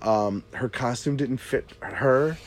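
A man's voice: medium pitch, slow pace. A man in his thirties telling a story in casual chat, swearing a lot and restarting his sentences often. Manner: profane, rambling with many restarts.

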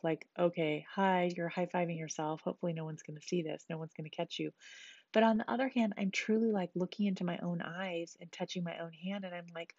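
A woman hosts a casual self-help podcast with a candid, emphatic manner, dropping the odd swear word. Her voice sits a little low. The recording is dry and slightly dull. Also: no echo. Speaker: podcast host.

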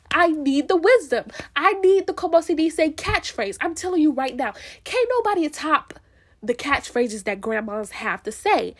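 A woman's voice: high-pitched, expressive, moderate pace. A young woman from Florida talking straight to camera in a casual, heartfelt monologue, earnest and emphatic, repeating her points and laughing easily. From Florida, USA. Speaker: vlogger.

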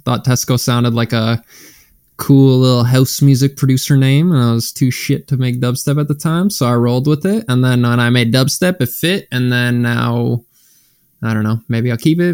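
A man's voice: mid-range voice, vocal fry, darkish tone, clean tone, no echo, studio quality. A man co-hosting a podcast, chatting in a laid-back, self-deprecating way. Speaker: podcast co-host, music producer. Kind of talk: casual chat.

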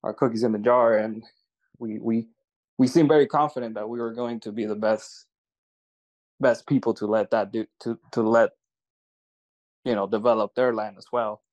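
A man's voice: lowish voice, steady tone, moderate pace, pauses often, darkish tone, low-quality recording. A man in casual talk, telling a story at an easy pace, often restarting his sentences. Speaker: land investor.

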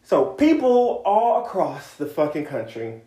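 A woman's voice: deep voice, sing-song, measured pace, mellow, echoey room. A woman co-hosting a podcast, ranting bluntly and sarcastically with plenty of swearing. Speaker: podcast co-host. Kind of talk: casual profane rant.

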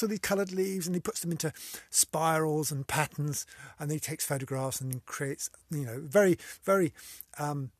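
With no room sound, a man with a fairly high voice chats at a moderate pace on his solo podcast. As host he wanders off topic easily, speaking in a theatrical, exclamatory way punctuated by frequent giggles.

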